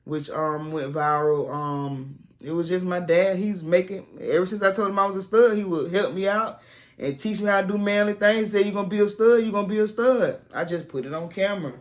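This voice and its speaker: A woman's voice: lowish voice, a little fast. A woman, a former teacher turned content creator, giving casual, plainspoken advice straight to camera from a classroom set at home.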